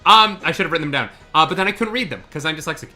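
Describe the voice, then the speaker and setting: A man running a live tabletop game as game master, halting with many fillers and joking, profane asides. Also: a little high, lively intonation, over music.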